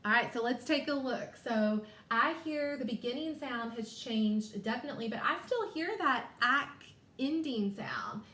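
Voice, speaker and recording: A female teacher guides young readers through spelling, slowly stretching each word into its separate sounds. Her slightly high voice is expressive, bright and forceful in this phonics lesson, recorded in an echoey room.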